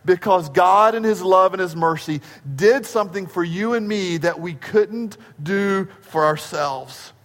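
A man preaching a sermon as pastor, emphatic, slowing right down to stress key phrases and asking the congregation questions. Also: high voice, fairly bright tone. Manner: asks the congregation rhetorical questions. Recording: long reverb of a large hall.

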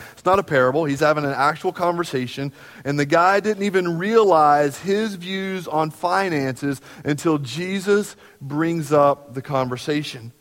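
A man preaching a sermon as pastor, talking conversationally and acting out everyday dialogue. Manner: conversational, acts out everyday dialogue with lively jumps in pitch. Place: church sanctuary. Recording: long hall reverb from the sanctuary.

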